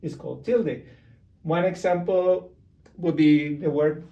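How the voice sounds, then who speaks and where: Brief: male teacher, higher-pitched voice, patient and explanatory, slightly off-mic at a whiteboard. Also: fairly even intonation, mellow, recorded from a distance, dull audio. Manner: slow, explanatory, repeats example words. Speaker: Spanish teacher. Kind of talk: beginner language lesson. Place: room with a whiteboard.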